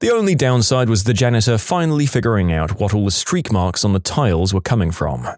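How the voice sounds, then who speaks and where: A man's voice: lowish voice, lively intonation, brisk, darkish tone, no echo. A man narrating a series of short workplace stories in a scripted voice-over, adding his own dry asides between them.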